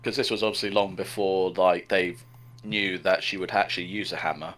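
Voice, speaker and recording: A man in a casual podcast chat, laid-back and halting, with many fillers. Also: low-pitched, steady tone, fairly bright tone. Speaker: podcast co-host.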